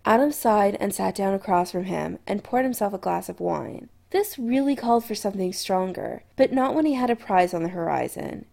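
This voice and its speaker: A woman narrating a story aloud in an expressive, storytelling manner. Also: mid-range voice, moderate pace, vocal fry, few pauses. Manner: expressive storytelling with lively intonation. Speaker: audiobook narrator. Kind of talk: scripted narration.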